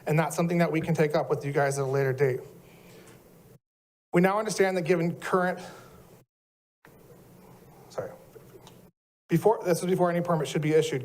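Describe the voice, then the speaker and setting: A middle-aged man speaks at a city planning meeting's public comment. His voice sits a little high for a man, and he talks in an earnest, emotional way. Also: a little mellow. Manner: earnest, emotional, listing his civic roles.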